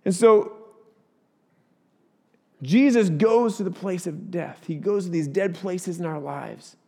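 High-voiced pastor preaching in a hall. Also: male voice, slow pace, gravelly, husky. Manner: earnest preaching, swells louder at key points. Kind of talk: sermon.

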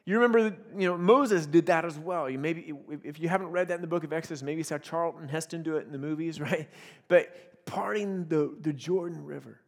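High-voiced man preaching playfully. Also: brisk, in a large hall. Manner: playful storytelling, acts out quotes, laughs often. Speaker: pastor. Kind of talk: sermon.

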